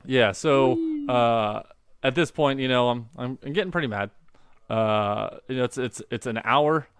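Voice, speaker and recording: Young man, podcast co-host, animated storyteller, smooth clear voice, dry close sound. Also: mid-range voice, unhurried, no echo. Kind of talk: casual storytelling chat.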